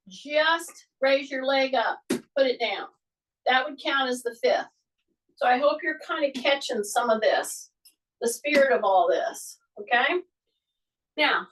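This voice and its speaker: A middle-aged woman with a high voice and an unhurried pace leads an exercise class, chatting and repeating her cues. She is recorded in a home exercise room, a little away from the mic. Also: sharp tone, distant mic, rough recording. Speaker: fitness instructor. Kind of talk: live exercise class instruction.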